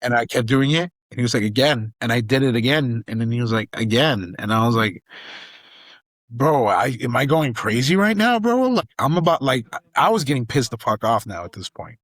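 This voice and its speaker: A young man from Southern California, a guest actor and comedian telling a story on a podcast in a casual, profane, animated way. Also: medium pitch, a little fast, no room sound. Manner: animated, profane, acts out quoted lines.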